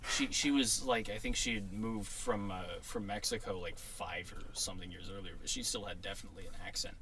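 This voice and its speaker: A man's voice: on the low side, steady tone, a little fast, bright, forceful tone, slight background noise. A young man from Oregon hosts a casual podcast chat. He tells rambling stories, laughs at his own jokes and swears freely. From Oregon, USA. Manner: laughs often, swears, storytelling with filler "like". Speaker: podcast host.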